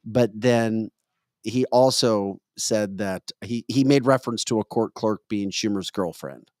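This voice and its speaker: A man's voice: lowish voice, measured pace, a little mellow, dry recording, studio quality. A man hosting a political commentary podcast, making his points with emphatic, opinionated commentary. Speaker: podcast host.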